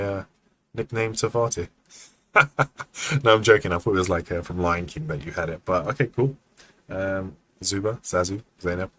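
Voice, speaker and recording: A man with a low voice runs an animation feedback livestream in a relaxed, chatty way. He thinks aloud with plenty of ums and acts out poses as he goes. There is a faint hiss of noise behind him. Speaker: animation mentor reviewing student work.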